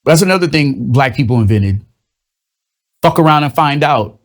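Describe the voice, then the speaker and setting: A young man rants through a casual comedic monologue, loose and profane, wandering from point to point. His voice sits at an ordinary middle pitch, and he keeps breaking into quick mocking impressions. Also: expressive. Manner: loose, profane, rambling storytelling with shifting vocal impressions. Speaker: host of a comedic commentary show.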